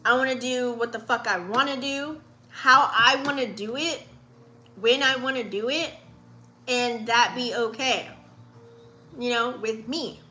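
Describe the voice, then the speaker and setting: A woman's voice: a little high, measured pace, pushed and bright, slight background noise. A woman in her late thirties giving a casual, profane, heartfelt pep talk in a spiritual vlog, with many fillers. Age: 30s. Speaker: vlogger.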